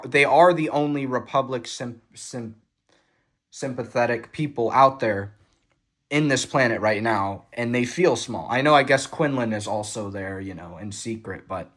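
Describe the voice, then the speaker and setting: A young guy vlogger with a mid-pitched voice, recorded on a phone, reviews a film photo book. His fast, excitable fan commentary is casual and enthusiastic, with casual swearing and many fillers and restarts.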